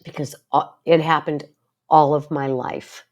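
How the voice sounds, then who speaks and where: An older woman with a lowish voice tells stories from her own life and draws a lesson from them. She talks in an earnest way and keeps asking rhetorical questions. She sounds like a psychologist speaking to the people in her support group. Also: level tone, a little slow. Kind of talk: casual talk to camera.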